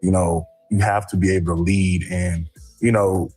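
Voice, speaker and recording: A man talking in a halting, reflective way as a reality show contestant, with many fillers, in a clip with music underneath. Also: sits low, steady tone, darkish tone, breathy edge. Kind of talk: casual reflective talk.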